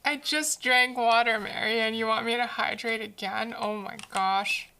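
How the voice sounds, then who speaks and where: A woman streams her drawing session and chats casually, answering her viewers aloud with a playful, teasing manner. Her voice sits fairly high and sounds bright and tense, with a gravelly fry running through it. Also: fairly even intonation, normal speed, a little hiss or hum. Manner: chatty, answers chat messages aloud. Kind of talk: casual live-stream chat while drawing.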